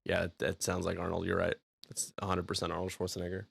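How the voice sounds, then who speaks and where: A man's voice: low-pitched, completely flat delivery, quick pace, vocal fry, a bit bright, breathy edge, dry recording. A man commentating a tabletop game on a live stream, joking and self-deprecating as he goes. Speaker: league commentator.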